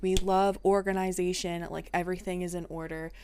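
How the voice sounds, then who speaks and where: A young adult woman streaming, chatting casually and playfully to her viewers with sudden excited outbursts. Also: lowish voice, fairly quick, slight background noise.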